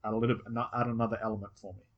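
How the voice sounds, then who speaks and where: An Australian man coaches a student one on one, his voice low and a little husky. He explains patiently step by step and acts out short example phrases as he goes. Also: flat delivery, racing, highs cut off. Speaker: hypnosis coach.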